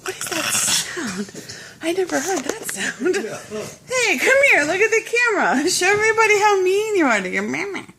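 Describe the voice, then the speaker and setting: A woman speaks slowly in playful baby talk, coaxing her pet dog. Her voice is high and swoops widely as she teases and laughs. It is a homemade phone recording with clear background noise. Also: sing-song, sharp tone.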